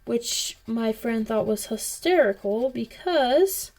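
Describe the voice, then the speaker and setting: Chatty woman with vocal fry. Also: on the high side, expressive, takes it slowly, a little mellow. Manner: rambling, chatty storytelling. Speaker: coloring channel host. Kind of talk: casual chat while coloring.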